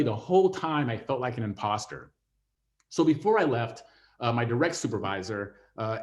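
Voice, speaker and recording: A middle-aged man, a TV writer, telling a personal story with many fillers and restarts. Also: mid-range voice. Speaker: TV writer and former network executive.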